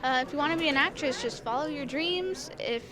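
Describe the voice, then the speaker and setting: A woman's voice: high-pitched, a little fast. Casual teenage girl, a young actress. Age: teens. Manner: casual, says "like" often. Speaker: young actress, interview guest. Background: crowd chatter.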